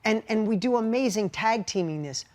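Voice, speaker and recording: A man's voice: high-pitched, lively intonation, normal speed, a little mellow. A middle-aged man co-hosting a podcast with his wife, talking candidly in an earnest, heartfelt, confessional way and telling stories with animation. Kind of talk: candid conversational podcast talk.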